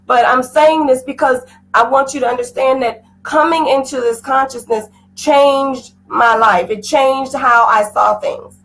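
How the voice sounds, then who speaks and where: A woman's voice: sits high, fairly even intonation, unhurried, hardly any pauses, a bit bright, rough recording. A middle-aged woman giving an intense, emotional personal testimony, her voice rising at times. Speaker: guest sharing a personal story.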